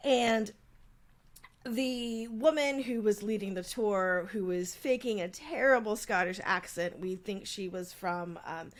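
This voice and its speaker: A woman's voice: medium pitch, unhurried. Chatty woman co-hosting a podcast. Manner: chatty storytelling, frequent fillers. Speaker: podcast co-host. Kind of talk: casual chat.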